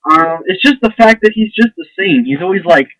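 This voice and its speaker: A man's voice: sits high, expressive, fairly quick, a bit bright, dry recording, soft background music, low-quality recording. A young man ranting to camera in a blunt, sarcastic, profane and rambling way. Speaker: vlogger. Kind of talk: casual ranting monologue.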